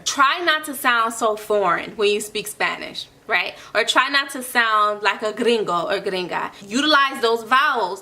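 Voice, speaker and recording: A young woman tutoring Spanish in a casual online lesson, encouraging and slowly repeating phrases for learners. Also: a little high, sharp tone.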